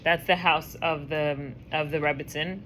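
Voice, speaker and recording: A woman teaching a class, telling a story in a lively, chatty way and acting out the voices. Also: deep voice, a little slow, a little hiss or hum. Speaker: teacher leading a women's class. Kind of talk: casual storytelling lesson.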